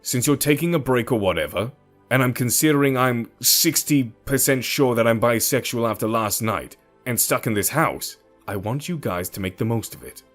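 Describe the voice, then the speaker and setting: A man voicing a charming young celebrity who speaks firmly but calmly in an audio story. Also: mid-range voice, moderate pace, faint music behind, lightly acted. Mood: calming. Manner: firm, calm.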